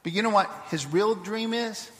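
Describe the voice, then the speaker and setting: Man, pastor, high voice, conversational sermon, storytelling, long church reverb. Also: moderate pace, fairly bright tone. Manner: conversational preaching, storytelling with restarts. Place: church sanctuary.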